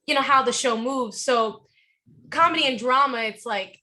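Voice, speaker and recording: Bright, lively New York woman. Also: a little high, moderate pace, slight background noise. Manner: lively, laughs often, animated storytelling. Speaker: actress guest. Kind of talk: casual interview chat.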